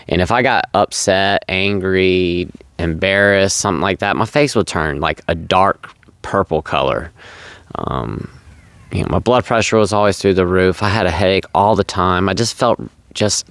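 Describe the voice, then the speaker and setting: A man's voice: low voice, a bit bright, clean tone, no room sound. A man vlogging candidly about his own past, earnest and confessional, repeating words for emphasis. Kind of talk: confessional personal storytelling.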